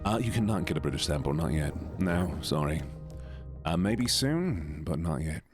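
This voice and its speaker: A man's voice: extremely low pitch, lively intonation, normal speed, over music. Stuffed-up man chatting on stream. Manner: talks to chat while playing, chatty and playful. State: stuffed-up nose. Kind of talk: casual gaming stream chat.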